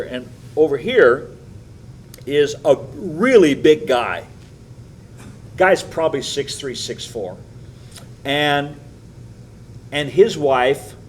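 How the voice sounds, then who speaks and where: An older man, a pastor, teaching a Bible study with animated, chuckling storytelling in a church. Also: medium pitch, slight background noise, low-quality recording.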